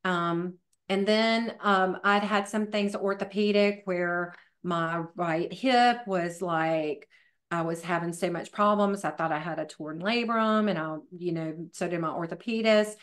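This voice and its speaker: A woman's voice: on the low side, a little slow. A middle-aged woman, a fitness professional and podcast guest, telling her story in a chatty way with many fillers. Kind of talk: casual interview storytelling.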